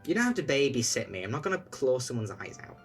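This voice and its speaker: A man voicing Vin, a poised noble who is courteous but sharp-tongued, in a tabletop game with music behind. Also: medium pitch, big pitch swings, fast talker, natural voice. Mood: catty.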